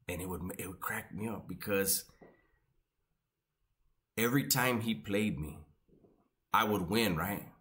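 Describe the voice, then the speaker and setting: A man reminisces about prison in a casual, joking manner full of profanity. He talks at a normal speed with frequent pauses, his fairly low voice carrying a bit of brightness.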